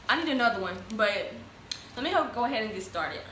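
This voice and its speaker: Fast-talking, with a fairly high pitch and lively intonation, a young woman eats and chats in a casual home mukbang vlog. Her camera mic picks up an echoey room and faint background noise.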